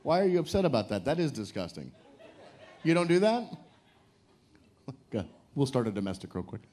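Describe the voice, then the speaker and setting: Man, game show host, swooping lively pitch, joking and teasing, hyping the crowd, cruise ship stage. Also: normal speed. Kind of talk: live audience game show hosting.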